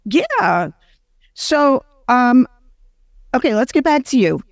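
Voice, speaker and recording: A woman's voice: high-pitched, big pitch swings, no echo. Chatty podcast host woman, dry sound. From Western New York. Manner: rambling, quick asides, laughs often. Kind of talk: casual interview chat.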